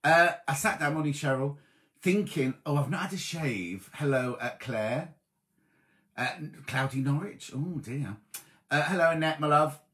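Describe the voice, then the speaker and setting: A man's voice: a little high, unhurried, a bit bright. A man hosting a live online coffee morning, chatting as he reads out viewers' messages and greets them as "my love". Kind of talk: casual live-stream chat greeting viewers.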